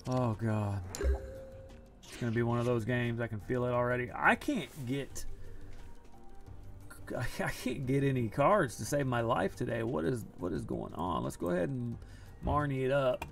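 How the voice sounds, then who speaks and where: A man with a gravelly, fry-tinged voice streams a card game from home. He chats loosely, jokes at his own expense and groans at bad draws. Soft music plays behind him. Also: medium pitch, lively intonation, moderate pace, long pauses. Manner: chatty, self-deprecating, groaning at bad luck. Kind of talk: casual live-stream commentary.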